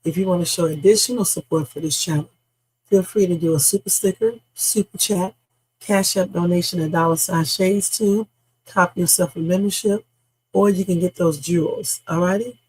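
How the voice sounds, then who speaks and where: A man hosting a casual news-reaction livestream, hoarse from a sore throat, chatting straight to his viewers with rambling asides. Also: high voice, fairly even intonation, moderate pace, darkish tone, no room sound, rough recording. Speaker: livestream host. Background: background music.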